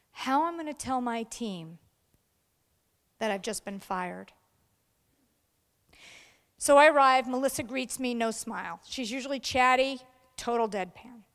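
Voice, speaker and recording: A woman's voice: on the high side, big-room sound. A middle-aged woman giving a storytelling speech to an audience, acting out the voices of the people she quotes. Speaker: keynote speaker. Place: large event hall.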